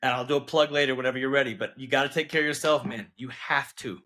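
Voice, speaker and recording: Male coach, mid-range pitch, bright forceful tone, emphatic checking-in delivery. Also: quick pace. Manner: emphatic, coaching, keeps checking in with "okay?" and "right?". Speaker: guest, relationship coach. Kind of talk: earnest interview talk.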